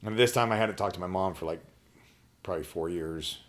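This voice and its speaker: Deep-voiced man telling a blunt personal story. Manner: blunt, profane, halting with restarts. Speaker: podcast guest.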